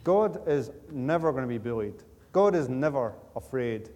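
Preaching in a church sanctuary, a man from Scotland tells stories with humor and repeats himself emphatically in a conversational style. He speaks animatedly at a moderate pace, his mid-range voice darkish in tone, with long reverb.

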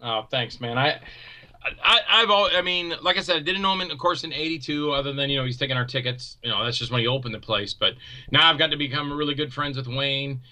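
A man talking as a guest filmmaker in casual chat, an animated storyteller who acts out quoted voices loudly. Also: mid-range voice, fast, poor audio.

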